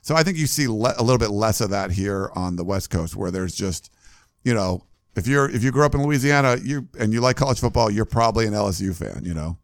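A man with a lowish voice chatting casually as a sports podcast host, rambling and restarting his sentences as he thinks aloud. The sound is dry and close to the mic. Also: lively intonation, brisk, no room sound. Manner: rambling, loose, many fillers and restarts. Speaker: podcast host running a fan message board.

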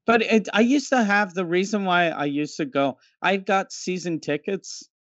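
A man chatting casually on a podcast, talking in halting bursts and restarting his sentences often. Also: high-pitched, a bit bright, dry recording. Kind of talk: casual chat. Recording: dull lo-fi mic.

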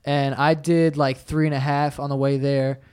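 A man chatting casually, excitable and swearing, often acting out what others said. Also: mid-range voice, moderate pace, clear, resonant tone. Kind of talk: casual chat.

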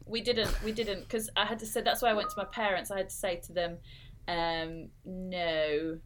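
A woman's voice: medium pitch, level tone, a little fast, noisy background. A woman in her thirties chats casually as a podcast co-host. She tells a story at length, full of fillers, restarts and asides, in a mid-range voice. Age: 30s. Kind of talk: casual chat.

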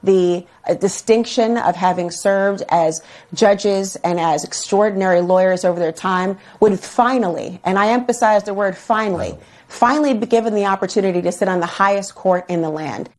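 A woman's voice: medium pitch, moderate pace, a little mellow. A woman legal commentator speaking earnestly and emphatically on a news broadcast clip.

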